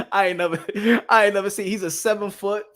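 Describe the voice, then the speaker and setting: A man's voice: high voice, fairly even intonation, brisk, a bit bright. A man hosting a boxing channel, talking in a casual, rambling way, laughing often and dropping slang and Spanish phrases.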